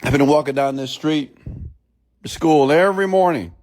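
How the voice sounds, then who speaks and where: A man's voice: a little high, moderate pace, darkish tone, pitched above the performer's own voice, lightly acted. A man voicing a curious little boy who asks insistent, pleading questions in a story.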